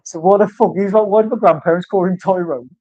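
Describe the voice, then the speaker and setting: Rambling, swearing bloke. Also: male voice, sits high, fast, no echo. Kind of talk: casual chat. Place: tattoo studio. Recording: dull, dry lo-fi sound.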